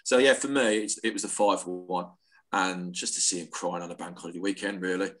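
A man's voice: sits low, steady tone, brisk. A man in a casual chat, blunt and to the point. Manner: blunt, short statements. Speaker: podcast guest.

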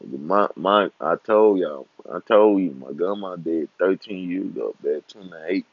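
Slow trash-talking young man, lo-fi. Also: low-pitched, no echo. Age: 20s. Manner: trash-talking, laughing, swearing freely. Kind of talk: casual profane rant. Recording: dull lo-fi recording.

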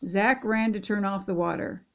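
A woman's voice: medium pitch, moderate pace, dull audio. Older woman reading a storybook aloud. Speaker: storybook reader. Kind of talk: reading a picture book aloud.

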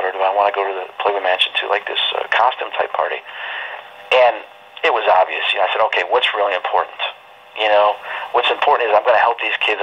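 A man's voice: on the low side, sharp tone, slightly rough. A man telling a personal story in a casual, rambling, emotional way, full of restarts, on dull lo-fi audio.

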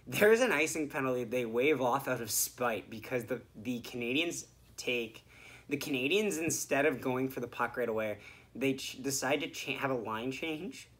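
A young podcast co-host recaps a hockey game in rambling, profane casual chat, his mid-range voice animated and moderately paced. He swings between mumbling and shouting.

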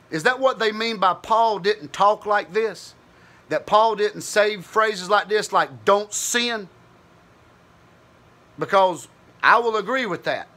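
A man's voice: high voice, sharp tone. A man giving an informal Bible teaching, thinking aloud in a conversational, searching way with frequent restarts.

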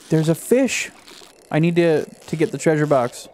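A young man casually commenting on his own gameplay, excitable and chatty, talking to himself and to the game. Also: a little high, measured pace, slight background noise. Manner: excitable, talks to himself and the game, yelps at surprises. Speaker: gaming YouTuber. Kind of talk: casual let's-play commentary.

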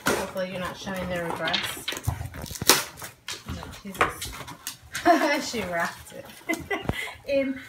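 Woman in her twenties, home vlogger, excitable, laughs easily, slow talker, noisy recording. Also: medium pitch. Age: 20s. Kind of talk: casual home vlog.

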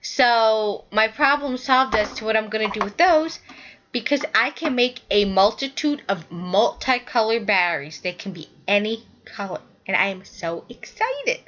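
A woman's voice: a little high, very animated, a little slow, fairly bright tone, muffled recording, slight background noise. A woman hosting a knitting podcast, chatting casually and rambling as she shows her work to the camera, often correcting herself mid-sentence.

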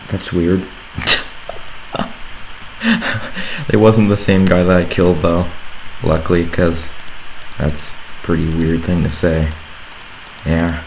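A young man talks through his game in a casual, rambling way, cracking jokes and laughing at his own asides. His voice sits very low, and a faint hum of room noise runs underneath. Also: vocal fry, darkish tone, poor audio. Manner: rambling, jokey, laughs often. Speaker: gaming commentator. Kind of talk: casual gameplay commentary.

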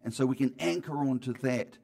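A man preaching a sermon in church, talking conversationally with frequent restarts and swings between loud emphasis and quiet asides. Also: mid-range voice, fairly quick, gravelly. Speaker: pastor.

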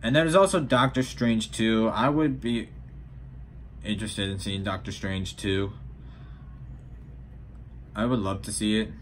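A man's voice: on the low side, fairly even intonation, unhurried, long pauses, slight background noise. A teenage boy vlogging casually about upcoming films, rambling with frequent restarts. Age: teens. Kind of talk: casual vlog commentary.

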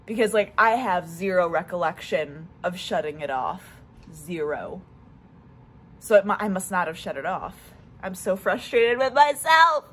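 A woman's voice: lowish voice, normal speed, a bit bright, a little hiss or hum. A young woman talking casually to her camera at home, rambling with lots of fillers. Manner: chatty, rambling, many fillers. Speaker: vlogger. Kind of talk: casual vlog chat. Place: home, on the stairs.

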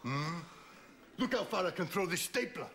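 A smug, self-admiring office show-off in a sitcom. His voice is a little higher than typical. The TV clip has noticeable background noise. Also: expressive, moderate pace, a bit bright. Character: vain, boastful male office show-off. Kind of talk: sitcom acting.

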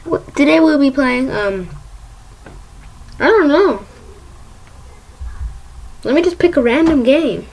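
A woman's voice: sits high, expressive, takes it slowly, long pauses, a little mellow. A woman hosting her own gaming video, talking playfully and chanting silly sound effects as she plays. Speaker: gaming channel host. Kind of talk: casual gameplay commentary.

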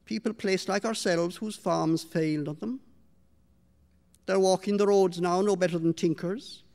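A woman's voice: fairly low pitch, fairly even intonation, a little slow, vocal fry, darkish tone, long reverb tail, voice pushed up. A man voicing a weary, sympathetic country mother of a large family, in a storybook reading. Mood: resigned.

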